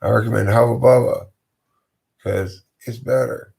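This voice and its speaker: A man's voice: medium pitch, steady tone, a little slow, creaky, a little mellow, voice pushed up. A man voicing a nervous, bumbling young inspector who stammers and gets flustered. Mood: rambling.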